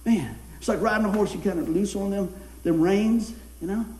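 A man's voice: sits high, moderate pace, mellow, echoey room. A man preaching a sermon in a folksy way, telling a funny personal story and laughing as he goes.

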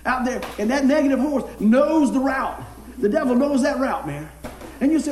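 A man's voice: extremely high pitch, animated, normal speed, darkish tone, echoey room. A man preaching a sermon in a folksy way, telling a funny personal story and laughing as he goes.

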